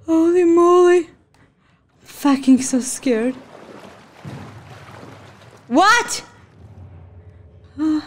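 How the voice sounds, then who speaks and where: A woman giving gameplay commentary, jumpy and swearing, gasping and yelling at the game as she plays. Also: high voice. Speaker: gaming channel host. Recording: game sounds loud behind voice.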